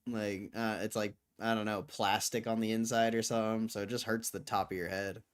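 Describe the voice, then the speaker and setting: A man's voice: lowish voice, flat delivery, a little fast, clean tone. A young man hosting a livestream who chats casually with viewers in a laid-back, slangy way, full of fillers. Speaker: livestream host. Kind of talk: casual chat reading viewer comments.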